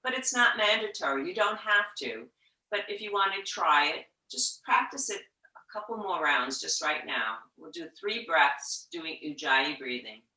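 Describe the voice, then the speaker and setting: Woman yoga teacher, bright clear voice, gentle unhurried guidance, echoey room a little off-mic. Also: lowish voice, animated, distant mic. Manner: slow, gentle guiding with soft whispered breath demos. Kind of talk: guided yoga instruction.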